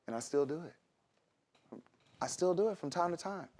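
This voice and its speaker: A man's voice: on the high side, lively intonation, a little slow, darkish tone. A man preaching a sermon in a conversational way, with laughs and asides to the congregation. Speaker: pastor.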